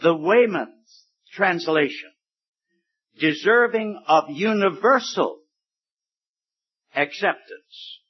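Slow-preaching man, husky voice. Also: high-pitched, expressive. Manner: slow, deliberate preaching with emphatic stretched words. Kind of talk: sermon. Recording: dull lo-fi recording.

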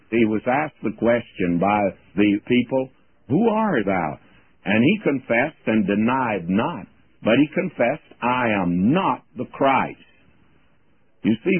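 Older man, husky voice, folksy radio Bible teacher, tinny phone-like broadcast sound. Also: medium pitch, no echo. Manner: folksy, plain-spoken, slows to quote scripture. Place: radio studio.

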